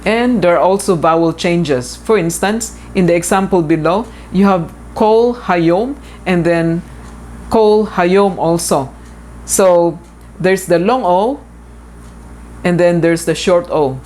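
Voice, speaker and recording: The speaker is a female instructor in a recorded lecture whose voice is low-set and somewhat dark. Her explanations are patient, with repeated key points and filler pauses, over a faint underlying hiss.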